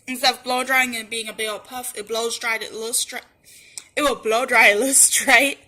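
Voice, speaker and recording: A woman's voice: fairly high pitch, fairly even intonation, brisk, sharp tone. A woman beauty vlogger talking through a hair routine step by step in a plain, conversational voice-over.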